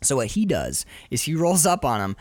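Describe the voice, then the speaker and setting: A man co-hosting a casual movie review podcast, joking, animated and swearing freely. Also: medium pitch, moderate pace, no room sound. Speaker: podcast co-host.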